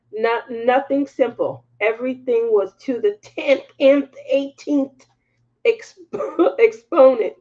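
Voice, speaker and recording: A woman hosting a craft livestream, telling a story to her viewers in candid, animated casual chat and laughing as she goes. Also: fairly high pitch, slow, muffled recording.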